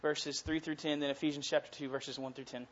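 A young man, a college pastor giving an energetic, enthusiastic sermon in a church and reading scripture aloud. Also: fairly high pitch, fairly quick. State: out of breath. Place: church sanctuary. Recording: dull lo-fi sound.

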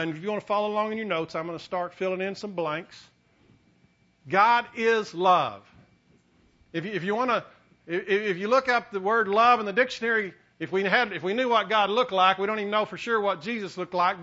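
A middle-aged man preaching a sermon as pastor, animated, building to emphatic peaks with frequent restarts. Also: high voice, muffled recording.

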